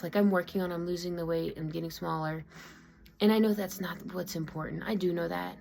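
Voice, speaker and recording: A woman's voice: lowish voice, steady tone, a little fast, gravelly, darkish tone, faint music behind. A woman vlogger talking casually and openly about her feelings, rambling with many fillers and restarts. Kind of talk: casual personal confiding talk. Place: her own room at home.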